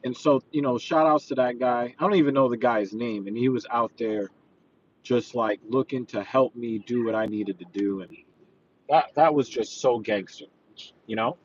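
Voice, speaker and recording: A man's voice: medium pitch, moderate pace, slightly rough, dull audio. A man who works as a personal trainer, chatting casually while he drives, earnest and rambling with lots of fillers. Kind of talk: casual driving vlog, talking while he drives. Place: inside a car.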